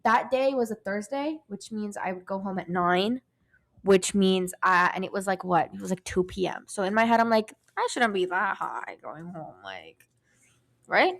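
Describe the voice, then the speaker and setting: A woman's voice: mid-range voice, normal speed, creaky. A young adult woman co-hosting a podcast, telling a story in casual chat, cursing freely and acting out what everyone said. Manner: animated, profane, acts out quoted voices. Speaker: podcast co-host.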